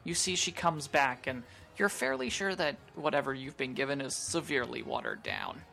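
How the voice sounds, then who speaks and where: A woman's voice: rumbling low, big pitch swings, normal speed, vocal fry, fairly bright tone, faint music behind. A woman narrating as game master in a loose, rambling way.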